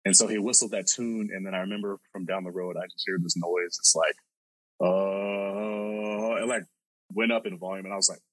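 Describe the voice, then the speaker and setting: A man's voice: low-pitched, steady tone, fast, a bit bright, breathy edge, dry recording, rough recording. A male podcast host telling a story casually, rambling and swearing with lots of filler words.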